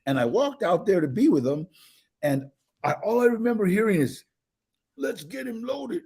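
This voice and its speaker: An older man telling his own life stories in a casual interview, animated, with many restarts and acted-out quotes. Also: high-pitched, fairly quick, husky. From United States.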